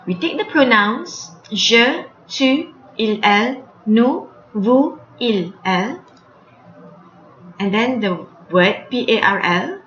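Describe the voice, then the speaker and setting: A woman's voice: on the high side, expressive, slow, fairly bright tone, slight background noise. A woman teaching French grammar, spelling out endings letter by letter and repeating each example. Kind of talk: slow spelled-out language lesson. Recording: lo-fi, echoey room.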